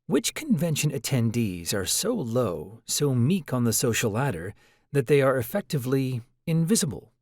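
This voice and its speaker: A man reading an audiobook in a measured, reflective first-person narration. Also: medium pitch, very animated, a little mellow, no echo, studio quality.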